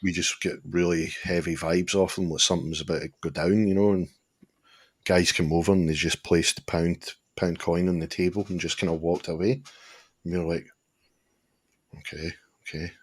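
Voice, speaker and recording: A middle-aged man co-hosting a casual live-stream chat, telling lively anecdotes and swearing freely. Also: low voice, fairly quick, breathy edge. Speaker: podcast co-host.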